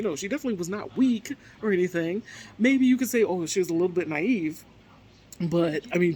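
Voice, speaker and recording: A man talking casually through his opinion in a rambling, chatty monologue, full of asides and fillers, with his voice lifting high when he quotes others. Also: a little hiss or hum. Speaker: vlogger giving opinion.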